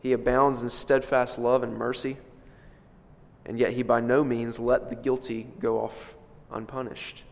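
A man preaching an expository sermon with emphatic delivery, rising for stress and dropping low for quiet points. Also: flat delivery, measured pace, vocal fry. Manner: emphatic, swells and drops in loudness for stress. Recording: long reverb of a large hall.

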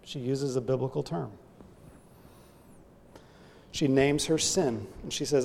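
A man's voice: medium pitch, slow pace, creaky, long pauses, darkish tone, big-room sound, slight background noise. A man preaching a sermon, earnestly illustrating his point with a story.

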